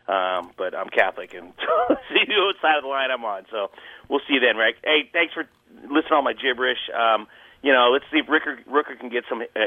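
Call-in fan, male, lowish voice, halting and full of fillers, tinny phone line. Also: no room sound. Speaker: caller. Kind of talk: casual call-in chat.

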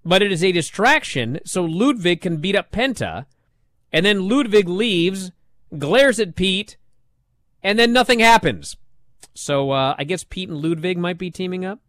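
A man hosting a radio talk show, recapping events in a rambling way and often trailing off low at the ends of his sentences. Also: a bit bright, no room sound, studio quality.

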